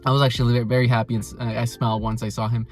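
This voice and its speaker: A man's voice: mid-range voice, rapid-fire, soft background music. A young man casually reviewing an anime episode, rambling with lots of "like" and restarts. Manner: animated paraphrasing of characters.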